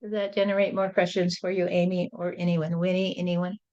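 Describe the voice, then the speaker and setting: A woman channeling a spiritual teaching, gentle and repetitive, often adding "you see", on a dull lo-fi recording. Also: lowish voice, flat delivery, brisk.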